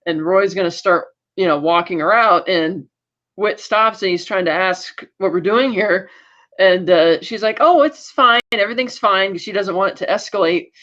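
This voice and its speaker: A man's voice: sits high, steady tone, fairly bright tone, lo-fi sound. A man co-hosting a podcast, retelling an episode in casual chat and quoting the characters as he goes. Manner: brisk retelling with acted quotes. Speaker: podcast co-host.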